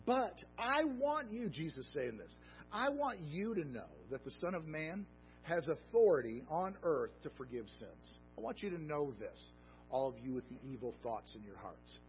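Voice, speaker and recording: A man preaching a sermon, animated and conversational, swinging from emphatic peaks to low, soft asides. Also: normal speed. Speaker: pastor. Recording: dull lo-fi sound with faint music.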